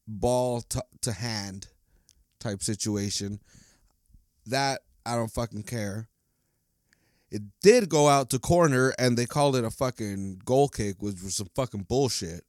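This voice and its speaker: A man hosting a casual solo podcast, venting in a profane, rambling way. His pitch sits in an ordinary middle range. The sound is dry and close, with no room around it. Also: unhurried, darkish tone, no room sound. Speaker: podcast host.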